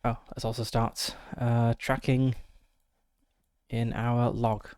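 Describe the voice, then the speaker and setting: A man's voice: mid-range voice, level tone, slow pace, darkish tone, clear, resonant tone, dry recording, clean studio sound. A man streaming a solo tabletop game, reading out the gamebook text and muttering through his dice rolls with many fillers.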